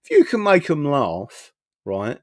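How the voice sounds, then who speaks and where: A talkative man holds forth in a loose live-stream monologue, full of swearing, little chuckles and constant "right?" tags. His pitch rises and falls all over the place. The sound is dry and close, with no room echo. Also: huge pitch swings, measured pace. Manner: talkative, profane, keeps tagging "right?"; chuckles between phrases. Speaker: political activist streaming. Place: his own small home studio.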